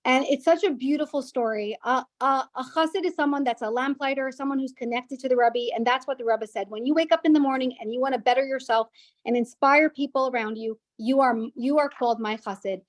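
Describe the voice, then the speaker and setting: Woman guest speaker, earnest storytelling with restarts, fairly high voice, dry close sound. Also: a little fast, dry recording. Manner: earnest, with frequent restarts and repetitions. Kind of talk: personal story at a women's gathering.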